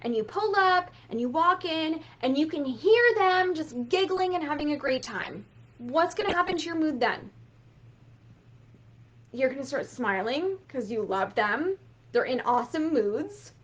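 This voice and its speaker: A woman business coach giving a casual motivational talk, animated and swearing freely as she acts out quotes. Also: sits high, measured pace, lo-fi sound.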